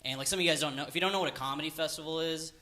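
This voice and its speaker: A man's voice: fairly high pitch, rapid-fire, pushed and bright. A young man doing a casual, rambling stand-up comedy set on stage, full of "like" fillers. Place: comedy stage before a live audience. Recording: live venue with background noise.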